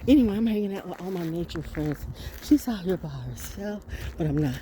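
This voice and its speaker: A woman in her sixties talks outdoors in a loose, rambling way, putting rhetorical questions to her listeners. Her pitch swings widely and expressively. The recording is noisy, with dogs around her. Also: animated, brisk, warm tone. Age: 60s. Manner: musing, asks rhetorical questions. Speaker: vlogger. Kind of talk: rambling reflective monologue. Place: outdoors by a fenced yard with dogs.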